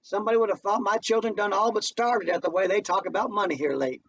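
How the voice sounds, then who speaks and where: Guy doing an old mama, firm and tired, folksy talk, pitched up high, muffled far-off recording. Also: steady tone, fairly bright tone, husky, exaggerated voice. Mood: stern. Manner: slow, folksy dialect. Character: aging mother, devout, firm and weary. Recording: distant muffled home recording, faint noise.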